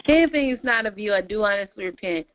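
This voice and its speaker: A woman's voice: medium pitch, expressive, quick pace. Woman praying over a tinny phone line. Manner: fervent, repetitive prayer cadence. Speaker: prayer meeting moderator. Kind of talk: spoken prayer over a phone call.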